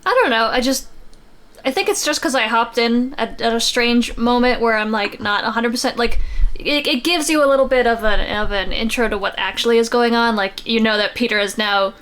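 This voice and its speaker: A woman guest on a comic book podcast with a fairly high voice. She rambles and thinks aloud as she pieces the story together. Her delivery is casual and conversational. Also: brisk, a bit bright.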